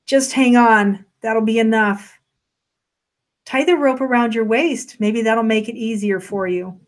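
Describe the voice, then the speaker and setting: A woman narrator voicing a calm, insistent woman who hangs from a rope and politely pleads to be held. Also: a little high, unhurried, natural voice. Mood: pleading.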